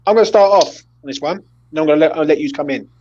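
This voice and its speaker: A man's voice: fairly high pitch, racing, a little mellow, dull audio, a little hiss or hum. A man hosting a casual post-match chat, blunt and sweary as he leads the player ratings. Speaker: host of a football fan channel.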